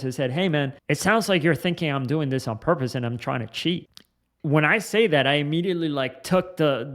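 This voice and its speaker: Casual, slightly high-voiced man teaching. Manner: loose, explanatory, often restarts and says "like". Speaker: sales and communication coach. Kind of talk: casual instructional talk to camera.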